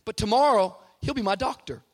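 A man preaching a sermon, moving from conversational asides to shouted, rising declarations, with jokes along the way. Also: high voice, a little fast. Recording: live hall reverb with faint music.

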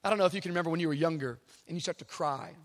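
A man's voice: on the high side, rapid-fire, in a large hall. A young man preaching a sermon to a live church audience. He opens with comic stories and builds to fervent, half-sung preaching.

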